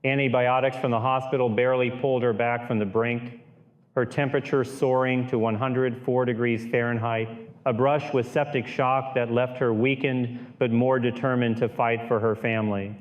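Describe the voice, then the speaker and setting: A man narrating a true-crime style horror audiobook in a steady, grave storytelling voice. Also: medium pitch, muffled recording.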